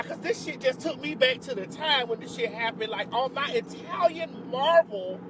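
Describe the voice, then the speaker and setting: A high-pitched woman with a drawl spins a storytime for her vlog. She talks sassy and profane, piling on dramatic outbursts of disbelief. A faint hum of background noise sits under her voice. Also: moderate pace, hardly any pauses. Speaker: vlogger.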